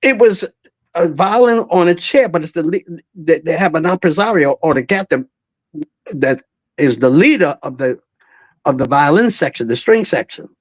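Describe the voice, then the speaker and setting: A man's voice: fairly high pitch, normal speed, dry recording. A man in his eighties, a veteran singer guest, telling stories in an interview, acting out voices and laughing often. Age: 80s. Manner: animated storyteller, acts out voices, laughs often. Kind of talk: storytelling interview.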